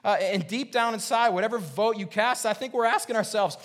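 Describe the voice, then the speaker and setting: A man's voice: sits high, fairly quick, fairly bright tone. A man preaching a sermon as pastor, earnest and repetitive, full of rhetorical questions and stammered restarts. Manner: frequent restarts and stammered repeats.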